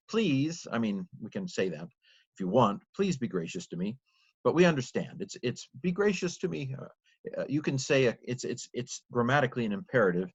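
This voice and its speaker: A man's voice: on the low side, breathy edge, muffled recording. A man giving an informal grammar lesson late at night, thinking aloud, with restarts and self-corrections and sounding tired. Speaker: Bible teacher.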